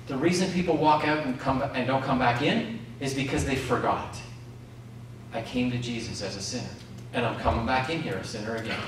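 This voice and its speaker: A man with a medium-pitched, slightly bright voice preaches a sermon, calling out questions to the congregation in a community centre hall. The recording is echoey and distant, with a little hiss or hum.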